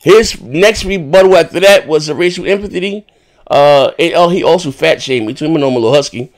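A man hosting a podcast in casual chat, rambling and swearing as he retells a dispute with animated indignation. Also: on the high side, a little fast. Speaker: podcast host.

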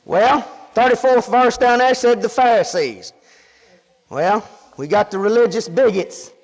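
A man's voice: very high voice, measured pace, vocal fry, in a large hall, poor audio. A male preacher delivering a folksy, emphatic sermon, often asking the congregation questions.

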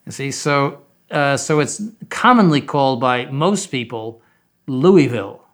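An older man in a casual interview, wandering through his thoughts with frequent "uh"s and restarts. His pitch is ordinary for a man. He speaks as a seminary head. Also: animated, a little slow. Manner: rambling, with many fillers and restarts.

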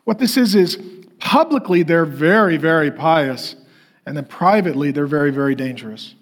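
A man's voice: fairly high pitch, normal speed. A middle-aged man preaching a sermon as pastor, joking and acting out voices. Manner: animated, jokey, acts out voices.

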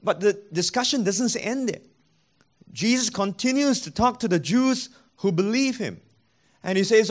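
A man's voice: high voice, sing-song, normal speed. A man preaching a sermon as a pastor, acting out both sides of the dialogues he retells.

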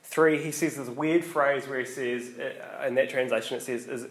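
A man preaches in a loose, conversational way, stopping for ums and rephrasing as he goes. His voice sits at a middle pitch. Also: fairly even intonation, moderate pace, few pauses. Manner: conversational, frequent ums and restarts. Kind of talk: casual sermon.

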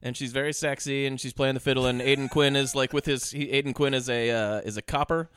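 A man's voice: medium pitch, fairly even intonation, quick pace, fairly bright tone. A man co-hosting a podcast, chatting casually about movies and swearing a lot as he jokes. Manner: profane, jokey, slips into mocking quoted voices. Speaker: podcast co-host. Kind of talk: casual movie-review chat.

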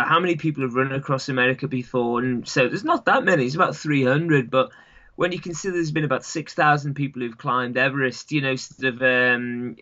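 An English man chats as the guest, rambling and leaning on "sort of" and "you know" between thoughts. His voice is bright and forceful. The recording sounds dull and lo-fi. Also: fairly high pitch. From England. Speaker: guest, long-distance runner. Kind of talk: casual interview chat.

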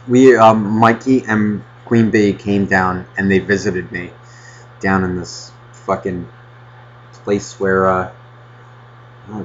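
A man co-hosting a podcast, ranting loudly and doing mocking impressions of a friend on the phone. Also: lowish voice, lo-fi sound. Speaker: podcast co-host. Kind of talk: casual podcast banter.

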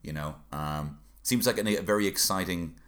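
A man's voice: sits low, moderate pace, fairly bright tone. A man co-hosting a podcast, talking in rambling, laughing banter. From Ireland. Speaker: podcast co-host. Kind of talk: casual chat.

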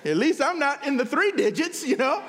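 A preacher acting out a sassy old wife giving a wry, folksy comeback. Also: male voice, very high-pitched, very animated, normal speed, noisy background.

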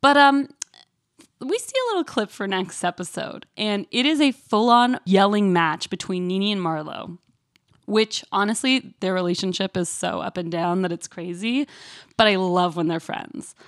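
A woman co-hosting a podcast in casual chat, animated and acting out quotes in a high voice. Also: moderate pace, no room sound, studio quality. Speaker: podcast co-host.

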